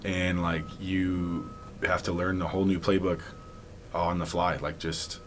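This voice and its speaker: Guest spot: young man, very low voice, loose rambling delivery full of likes and restarts, light hiss behind. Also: little pitch movement, measured pace. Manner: rambling, many likes and restarts, laughs often. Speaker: podcast guest, former football player. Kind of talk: casual storytelling interview.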